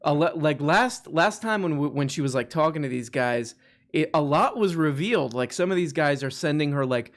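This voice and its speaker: A man's voice: a little high, lively intonation, moderate pace. A man hosting a casual live show, rambling with lots of fillers and restarts and teasing his guest. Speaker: host.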